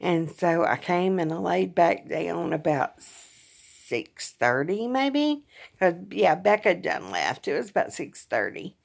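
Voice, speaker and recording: A middle-aged woman, talking in a casual personal vlog, tired and in pain, speaking softly and haltingly with sighs. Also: lowish voice, very animated, gravelly. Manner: soft, halting, with frequent sighs and pauses. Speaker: vlogger.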